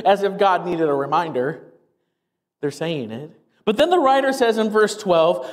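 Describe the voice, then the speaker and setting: High-voiced energetic pastor preaching. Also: male voice, big-room sound. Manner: energetic, fast and excited, with wry asides. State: getting out of breath. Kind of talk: sermon.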